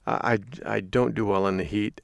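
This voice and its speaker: A man's voice: fairly low pitch, fairly even intonation, normal speed, vocal fry, no room sound, clean studio sound. A middle-aged male host telling a casual folksy story, chuckling often as he talks. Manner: folksy storytelling with frequent laughs. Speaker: radio host. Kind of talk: casual chatty monologue.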